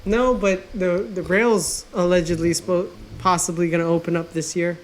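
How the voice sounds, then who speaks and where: A man's voice: high voice, little pitch movement, normal speed, a little hiss or hum. A laid-back man co-hosting a casual podcast chat. He talks in an easygoing way and swears casually as he goes. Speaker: podcast co-host.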